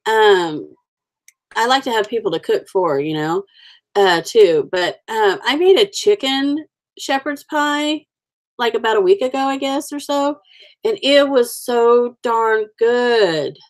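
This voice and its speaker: A woman's voice: a little high, slow pace. Chatty woman hosting a livestream. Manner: chatty, warm-hearted, rambling with fillers. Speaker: livestream host. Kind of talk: casual live chat with viewers.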